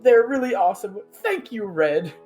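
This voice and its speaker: A man giving a casual contestant confessional, quick, animated and self-justifying as he recounts the game. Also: high voice, soft background music.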